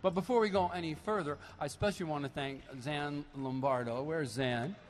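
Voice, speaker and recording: A man, a percussionist, talks to a concert audience between songs, telling stories with animated, playful asides through a stage microphone in a large arena. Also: a little high, a little fast. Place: large basketball arena used as a concert hall. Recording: live hall recording with long reverb and faint noise.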